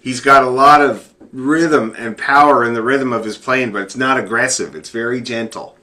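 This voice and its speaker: Relaxed, encouraging male fiddle teacher. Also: medium pitch, moderate pace. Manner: encouraging, relaxed, repeats praise. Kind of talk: one-on-one music lesson. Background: fiddle playing.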